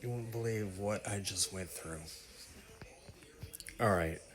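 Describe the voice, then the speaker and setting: A man telling the story of a strange dream in a casual, animated way, swearing freely. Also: lowish voice, slow. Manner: animated, profane, breathless retelling. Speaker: vlogger recounting a dream.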